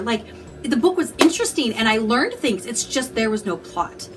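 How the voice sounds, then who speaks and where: A woman with a high-pitched voice chats about her reading in a casual vlog. She is opinionated and animated, often slipping into little mock quotes to make her point. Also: normal speed, over music. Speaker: book reviewer. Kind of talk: casual book review vlog.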